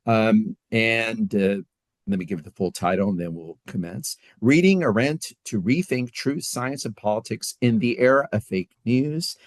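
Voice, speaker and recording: Low-voiced man, halting podcast co-host. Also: no room sound. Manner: halting, filler-heavy delivery. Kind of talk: casual chat.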